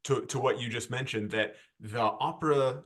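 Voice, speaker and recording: A man's voice: mid-range voice, moderate pace, fairly bright tone. A male podcast host talks with his guest over a video call. He is friendly and conversational, and his sentences restart now and then as he gathers his thoughts. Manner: friendly, many short backchannels and restarts.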